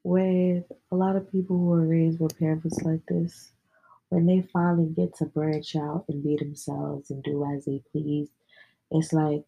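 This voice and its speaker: On a podcast, a young woman with a low, husky voice chats casually and tells stories. She sounds dark and mellow, speaking in a slangy, candid way and swearing a lot. The recording's high frequencies are cut off.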